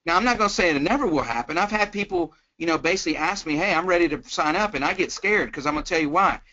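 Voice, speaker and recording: A man coaches insurance sales over a muffled conference-call line. His voice sits a little high and sounds forceful and bright. He talks energetically and keeps checking in with his listener. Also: lively intonation, very fast. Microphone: phone.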